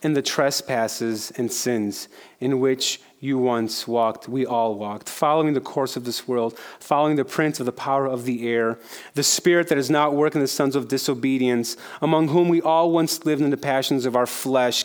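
Conversational male preacher, fairly high voice. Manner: conversational, repeats phrases for emphasis. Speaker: pastor. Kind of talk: sermon.

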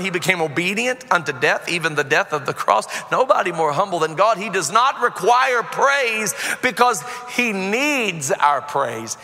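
High, bright-voiced preacher man shouting praise. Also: long reverb tail. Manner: passionate, yells when preaching; builds to shouting praise, half-sung lines. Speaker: pastor. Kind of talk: sermon. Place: church sanctuary.

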